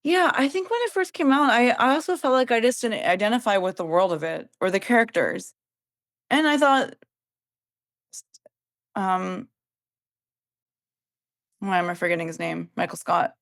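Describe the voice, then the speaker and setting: A woman's voice: mid-range voice, lively intonation, moderate pace, vocal fry, long pauses, a bit bright, dry recording. A woman in her thirties, a comedian guest, talking through her thoughts about films and searching for words. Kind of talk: casual film chat.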